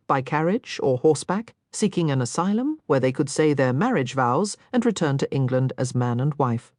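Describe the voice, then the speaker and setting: A woman with a low voice narrates a historical romance with wide, lively inflection. The recording is close and completely dry, with no room sound. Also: dry recording. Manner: measured, expressive storytelling. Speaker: audiobook narrator. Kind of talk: scripted narration.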